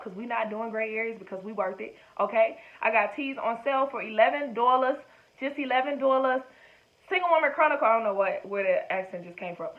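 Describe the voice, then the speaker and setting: A woman with a high voice talks straight to her audience in a loose, chatty vlog, tossing in slangy asides and nudging them along. The sound is thin and narrow, as if it came through a phone line. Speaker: vlogger giving dating advice. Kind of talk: casual direct-to-camera talk.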